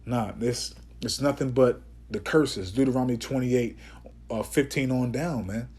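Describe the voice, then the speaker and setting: A man teaching scripture informally, emphatic and preachy, often tagging his sentences with "man" and "okay?", and slowing down to declaim Bible verses. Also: mid-range voice, a little mellow, slightly rough. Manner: reads Bible verses aloud in a slower, declaiming voice.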